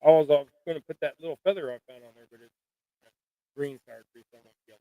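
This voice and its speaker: A middle-aged man hosts a fishing channel live stream, tying jigs at home while chatting in a rambling, folksy, self-deprecating way. He talks fast in a warm, fairly high voice, and the recording is dry and rough.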